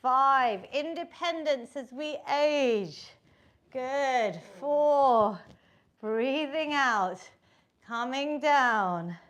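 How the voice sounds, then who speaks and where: A woman's voice: high-pitched, drawn-out words, a bit bright, dull audio. A woman leading a live online workout class, encouraging her group and counting the reps aloud. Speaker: fitness instructor.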